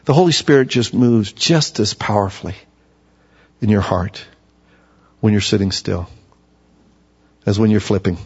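A male pastor preaching a sermon, animated and acting out voices, then easing into soft calm tones. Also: on the low side, unhurried, long pauses, husky. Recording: echoey hall, dull lo-fi sound.

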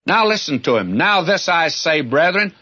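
Folksy preacher guy going verse by verse, kinda husky, muffled old tape sound. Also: fairly high pitch, moderate pace. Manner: folksy, emphatic, animated storytelling. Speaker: Bible teacher. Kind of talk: sermon-style Bible exposition.

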